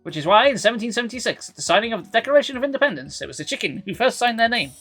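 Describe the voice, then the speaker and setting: A streamer putting on a fussy, panting male dog professor who lectures his class politely and formally, with lines that often drop low and soft. His voice sits at a middling pitch, with faint music underneath. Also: very animated, very fast. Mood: lecturing.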